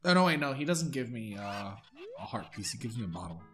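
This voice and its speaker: A man's voice: medium pitch, big pitch swings, fairly quick, fairly bright tone, soft background music. A man co-hosting a let's play, chatting casually and earnestly arguing his point. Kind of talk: casual gameplay chat.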